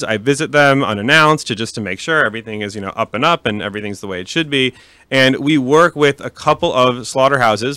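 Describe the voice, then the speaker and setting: A man's voice: medium pitch, sharp tone, smooth, no room sound. A man talking casually in an interview about founding his meat business, with many restarts and fillers. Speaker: kosher meat company founder.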